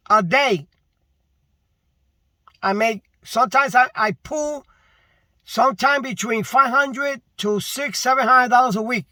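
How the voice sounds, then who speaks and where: A man's voice: extremely high pitch, sharp tone, no room sound. A delivery driver ranting in a casual vlog, frustrated and repetitive, stressing his complaints with emphasis.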